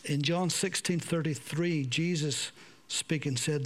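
Male preacher, fairly high voice, unhurried, dramatic rises and hushed drops. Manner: dramatic swings between raised emphasis and hushed, slowed delivery. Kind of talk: sermon.

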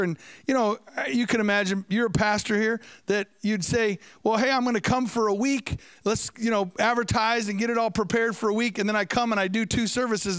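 A man's voice: high voice, clean tone, no room sound. A man preaching a sermon, telling a story with asides and questions to the congregation.

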